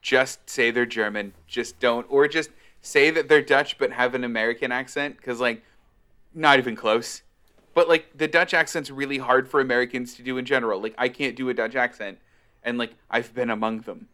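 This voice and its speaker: A man chatting on a podcast at a medium pitch. He gives blunt opinions with a wry, joking edge. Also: fairly even intonation, moderate pace, bright, forceful tone, clean tone. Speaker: podcast co-host. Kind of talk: casual chat.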